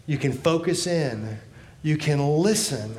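A man preaching a sermon with earnest delivery, often dropping low and soft at the ends of phrases. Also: animated, takes it slowly, echoey room. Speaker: pastor.

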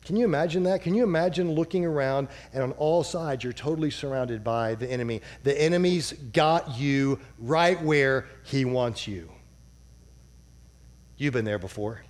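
A male pastor preaching a sermon dramatically, dropping to a low hush on key words.

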